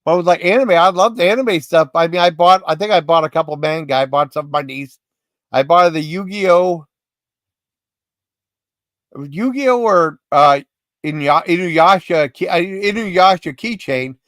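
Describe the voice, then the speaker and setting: A man hosting a casual livestream tells rambling personal stories in a fairly high voice. He restarts his sentences often and gets worked up as he goes. The sound is dry and close. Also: moderate pace, fairly bright tone, dry recording. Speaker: livestream host.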